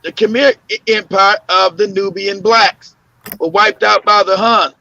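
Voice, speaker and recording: This man's voice sits high and is bright and forceful, with a steady tone, an unhurried pace and vocal fry. As a podcast host, he tells loose, casual stories packed with fillers, restarts and laughter, captured in muffled lo-fi audio with slight background noise.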